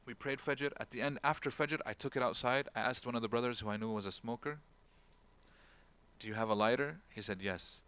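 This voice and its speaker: This imam's voice is mid-range, brisk and clean with a fairly bright tone. His religious lecture is informal and conversational; he narrates a story, raising his voice to play the people in it, and mixes Arabic words and phrases into what he says.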